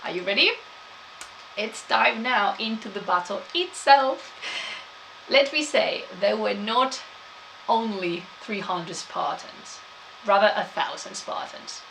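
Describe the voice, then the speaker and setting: A woman's voice: mid-range voice, lively intonation, slow, creaky, fairly bright tone, slight background noise, rough recording. A woman gives a chatty live-streamed history talk, laughing often and answering chat.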